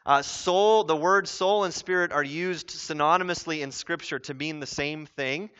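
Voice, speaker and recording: A man preaching a sermon as pastor, earnest and conversational, with animated asides. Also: fairly high pitch, moderate pace, clear, resonant tone. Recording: dull lo-fi sound.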